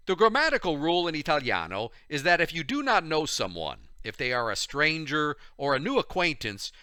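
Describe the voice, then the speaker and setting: Leading drills for learners to repeat in a video language lesson, a man with a fairly high pitch sounds animated and encouraging, using exaggerated intonation.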